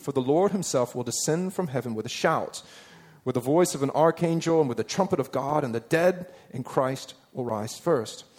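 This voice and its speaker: A man's voice: on the high side, a little mellow. A man preaching a sermon in a conversational way, putting rhetorical questions to his listeners and reading scripture aloud with emphasis.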